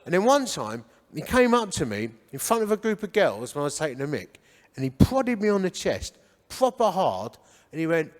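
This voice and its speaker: A man's voice: sits high, very animated, normal speed. A man, telling his life story with humor and acting out the dialogue. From Hornchurch, England. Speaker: guest speaker. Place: church hall. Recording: echoey church hall.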